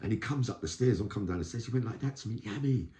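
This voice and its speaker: Deep animated man telling stories. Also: very fast, roomy sound. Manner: animated, street slang, acts out quoted voices. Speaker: vlogger recounting prison life. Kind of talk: casual storytelling monologue.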